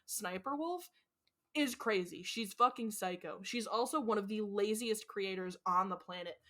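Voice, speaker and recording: A young woman co-hosting a podcast in casual chat, loud and gushing, swearing often and cackling. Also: medium pitch, normal speed. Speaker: podcast co-host.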